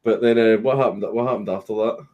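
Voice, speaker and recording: Animated Scottish man telling a story. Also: on the low side, fast, narrow, tinny audio. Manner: animated, swearing, laughing at his own story. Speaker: streamer. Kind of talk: casual storytelling chat.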